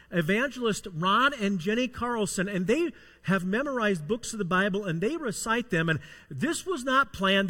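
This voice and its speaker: A man pastor with a high voice introduces a sermon series and welcomes guests. His tone is bright and pushes forward with energy. The sound rings with a long hall reverb.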